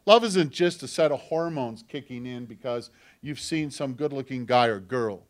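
A male pastor preaching a sermon in an earnest, personal storytelling way, swinging from loud emphatic lines to hushed near-whispers. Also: mid-range voice, normal speed.

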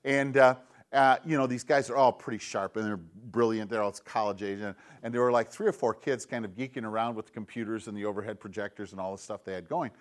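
A man's voice: on the low side, steady tone, fast talker. A man preaching a sermon in an earnest, conversational way, moving between teaching and everyday stories.

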